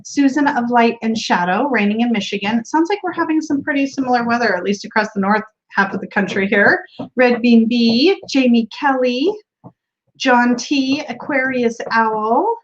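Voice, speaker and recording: A chatty woman hosts a casual livestream from home, greeting viewers one by one with frequent little laughs. Her voice sits a bit high. The sound is dull and lo-fi. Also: moderate pace. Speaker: tarot livestream host. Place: home room.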